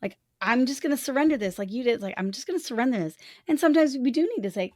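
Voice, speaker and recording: A woman's voice: a little high, animated, fast, few pauses, a little mellow, dry recording, clean studio sound. A woman co-hosting a podcast in casual conversation, speaking frankly and acting out quoted thoughts with expression. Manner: frank, candid speech. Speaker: podcast co-host.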